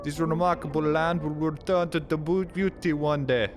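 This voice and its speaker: A man voicing a male game character, reading his lines in a put-on accent with a mock-dramatic, drawn-out delivery. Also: a little high, steady tone, voice pushed up, lightly acted. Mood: mock-solemn.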